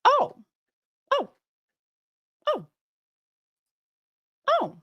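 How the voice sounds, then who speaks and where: A woman's voice: mid-range voice, lively intonation, measured pace, no room sound, studio quality. A woman hosting a casual commentary video, emphatic and profane, repeating her points. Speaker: host.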